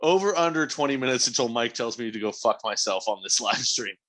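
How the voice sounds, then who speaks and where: A man co-hosting a podcast, joking and swearing in quick casual chat. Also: medium pitch, lively intonation, a bit bright. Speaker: podcast co-host.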